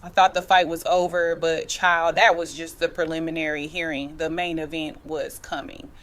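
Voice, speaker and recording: A woman's voice: low-pitched, flat delivery, moderate pace. A woman telling a personal family story in a casual, conversational way, with slang like "chile" and "girl" and a dialect flavor. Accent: African American English.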